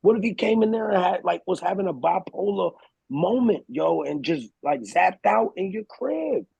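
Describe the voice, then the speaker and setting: A man hosting a casual podcast talk, animated and slangy, telling stories and acting out what others said. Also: high-pitched, moderate pace, vocal fry, slightly rough, dry recording, highs cut off. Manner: animated, slangy, storytelling with quoted voices. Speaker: podcast host. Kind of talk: casual chat.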